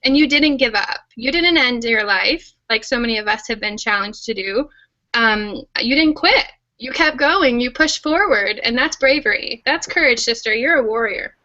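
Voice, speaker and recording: A woman on a panel call speaking with halting, admiring encouragement and stammered restarts. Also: fairly high pitch, animated, sharp tone, dull audio. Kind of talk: supportive panel talk.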